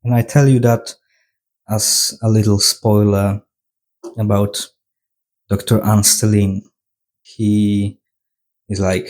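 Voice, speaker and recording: A man's voice: fairly low pitch, flat delivery, slow, pauses often, darkish tone. A man retelling a film's plot in a casual retrospective, sarcastic and mocking. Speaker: film reviewer.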